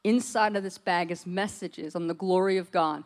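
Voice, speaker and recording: A woman's voice: fairly low pitch, steady tone, moderate pace, close to an everyday voice. A solemn male angel messenger speaks in a grave, declaring way, as an American woman quotes him in her sermon. The voice stays close to her own plain speaking voice.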